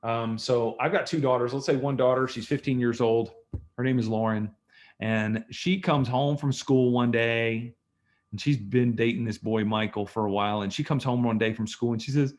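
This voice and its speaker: A man leading an online workshop, relaxed and conversational, walking through examples as small stories. His voice sits at a middle pitch and reaches the listener through a video call mic. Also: moderate pace. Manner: conversational, storytelling, acts out dialogues. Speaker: communication skills trainer. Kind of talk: online training talk.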